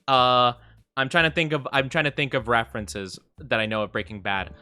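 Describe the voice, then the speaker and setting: Brief: young male streamer, bright, bouncy, rambling chat. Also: mid-range voice, lively intonation, moderate pace, soft background music. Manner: chatty, rambling, giggly, thanks viewers often. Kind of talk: casual live-stream chat while gaming.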